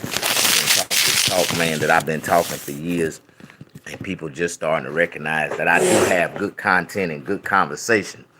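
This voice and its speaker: A man in his fifties talking loudly and casually to his viewers while eating, rambling and preaching between bites and humming over his food. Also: sits low, noisy background. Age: 50s. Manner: loud, preachy, with rambling riffs; chews and hums with food in his mouth. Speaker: YouTube vlogger.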